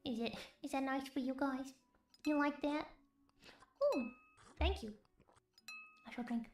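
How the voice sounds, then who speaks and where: A woman streamer speaking softly in a whispered role-play, chatting to her viewers with giggles between words. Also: sits high, unhurried, a little hiss or hum. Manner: soft whispered chat, giggly, chats with viewers. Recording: roomy with faint music.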